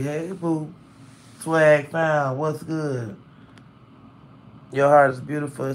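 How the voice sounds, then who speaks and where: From a hospital room, a man live streams on his phone, reading comments and chatting while loudly venting about hospital bills. His fairly high voice sounds tired and gravelly, with a faint hiss beneath the recording.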